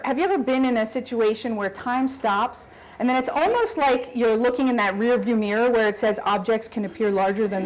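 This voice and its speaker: Animated woman telling a story live. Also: a little high, a little hiss or hum, poor audio. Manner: animated, laughs often, acts out screams. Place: story slam stage before an audience.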